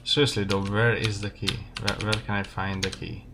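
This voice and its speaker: A young man streaming a game, casually muttering his thoughts aloud in a relaxed way. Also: on the low side, normal speed, noisy background. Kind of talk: casual gameplay commentary. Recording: loud keyboard typing and clicks.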